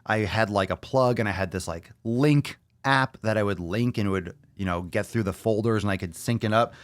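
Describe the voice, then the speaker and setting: A lower-pitched man holds forth on his own podcast, rambling loosely with lots of swearing and jokes. The sound is dry and close, with no room around the voice. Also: normal speed, no echo. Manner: loose, profane, joking, puts on silly voices. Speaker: podcast host. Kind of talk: casual solo podcast rant.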